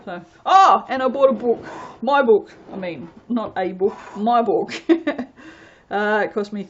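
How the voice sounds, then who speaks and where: This Australian host of a soap-making channel keeps up a loose, rambling chat as she works, with frequent laughter and abrupt loud outbursts. She speaks at a measured pace in a medium pitch; the recording is dull, with slight noise in the background.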